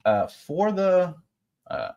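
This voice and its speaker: A man's voice: high-pitched, wildly swooping pitch, drawn-out words, gravelly, mellow, muffled recording. A man hosting a live writing class, chatting with viewers in a jokey, rambling way and laughing often. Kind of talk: live-stream chat reading comments.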